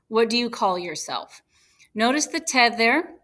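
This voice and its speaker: A woman teaching a Spanish lesson over slides, explaining each step patiently and spelling words out slowly. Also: fairly high pitch, very animated, fairly bright tone. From United States.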